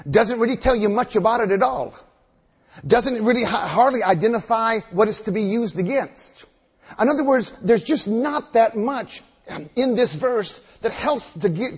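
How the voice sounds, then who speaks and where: Male preacher, high husky voice, reads scripture then repeats key phrases for emphasis, long hall reverb. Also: lively intonation. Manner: reads scripture aloud, then expounds slowly with emphatic repetition. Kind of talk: sermon.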